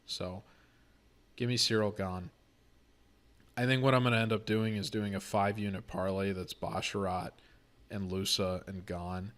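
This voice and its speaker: A man hosting a casual podcast, talking through his picks in a chatty, excitable, joking way. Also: on the low side, measured pace, long pauses. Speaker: podcast host.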